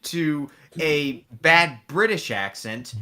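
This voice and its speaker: A man's voice: fairly high pitch, animated, takes it slowly, pushed and bright. A man co-hosting a reaction commentary, mocking and swearing casually. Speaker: co-host.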